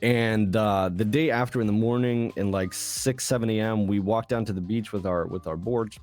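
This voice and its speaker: Young Swedish guy, low register, laid-back profane storyteller; soft music bed. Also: steady tone, moderate pace. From Sweden. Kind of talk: casual chat.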